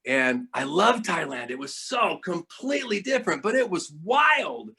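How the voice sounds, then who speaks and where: Animated storytelling man, high voice. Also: moderate pace, gravelly, breathy edge. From United States. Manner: animated, lots of restarts and acted-out quotes. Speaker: guest speaker. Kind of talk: storytelling talk. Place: online talk.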